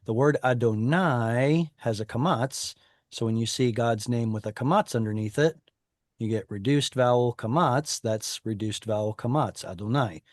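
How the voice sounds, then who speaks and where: A man's voice: mid-range voice, moderate pace, no room sound, clean studio sound. A man teaching an online class, explaining patiently over a video call with frequent fillers. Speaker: Hebrew teacher.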